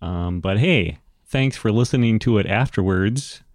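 A man running a tabletop game as game master, talking in a relaxed, rambling way with many ums and restarts. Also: fairly low pitch, measured pace, no echo, clean studio sound.

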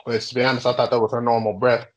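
A young adult man casually telling a workplace story on a podcast, swearing freely and talking with animated energy. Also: mid-range voice, rapid-fire, rough recording. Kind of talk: casual chat.

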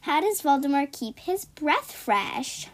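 A woman's voice: sits high, lively intonation, slow. A young woman co-hosting a casual podcast, reading jokes aloud and explaining the punchlines with lots of giggling. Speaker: podcast co-host.

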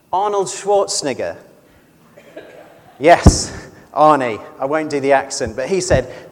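A man preaching a conversational sermon in a measured way, often putting questions to the congregation. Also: mid-range voice, expressive, darkish tone, in a large hall. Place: church.

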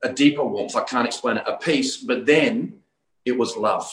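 A man's voice: mid-range voice, fairly bright tone. Australian man telling his faith story, roomy sound. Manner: earnest, halting restarts. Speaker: guest. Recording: roomy echo.

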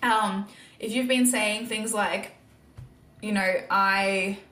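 A woman's voice: mid-range voice, steady tone, slow, fairly bright tone, roomy sound. A woman hosting a casual faith-based podcast monologue, earnest and encouraging, with lots of filler words. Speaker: podcast host.

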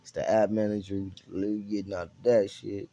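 A man's voice: fairly low pitch, little pitch movement, moderate pace, mellow. A young man hosting a casual podcast, teasing and laughing often while swearing freely. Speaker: podcast host. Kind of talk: casual profane podcast chat.

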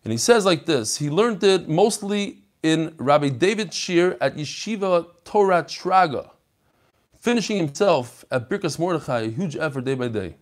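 Animated man telling stories. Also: a little high, moderate pace. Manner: animated storytelling, sprinkled with Hebrew and Yiddish terms. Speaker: Torah class host. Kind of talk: casual daf yomi class talk.

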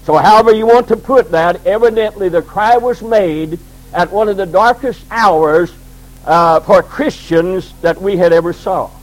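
Male pastor, high-pitched, emphatic repetitive pulpit preaching. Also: measured pace, low-quality recording. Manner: preaching with repeated emphatic phrases. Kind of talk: sermon. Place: church sanctuary.

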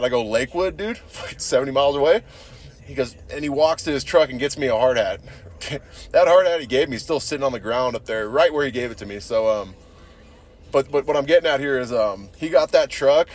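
A young man rambles through a crude story in a mid-pitched voice, cursing freely and tossing in "dude" at every turn. His talk is loose, with plenty of asides. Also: animated, a little fast, a little mellow. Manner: rambling, crude, swears a lot, says dude constantly. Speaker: podcast host. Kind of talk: casual profane storytelling.

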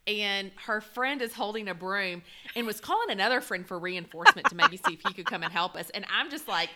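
A woman's voice: mid-range voice, animated, a little fast, crowd noise. A woman in her forties, telling a funny story in casual chat, laughing often with lots of fillers. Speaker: podcast co-host.

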